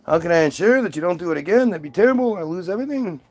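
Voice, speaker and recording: A man's voice: high-pitched, sing-song, brisk. A man voicing a nervous old male patriarch who fawns and repeats himself in a comic rant. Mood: fretful. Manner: fawning, repetitive, jittery. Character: anxious eager-to-please old patriarch, male.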